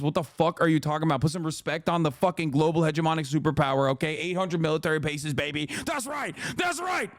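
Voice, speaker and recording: A man's voice: fairly high pitch, clear, resonant tone, dry recording, clean studio sound. A man streaming casual commentary, ranting profanely with mock patriotic bravado.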